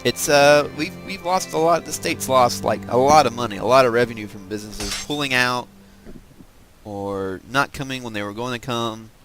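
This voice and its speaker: A man's voice: medium pitch, normal speed, fairly bright tone, soft background music. A man with a Southern US accent, hosting a let's-play video and chatting casually while he builds, musing aloud with lots of fillers. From American South. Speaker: gaming video host.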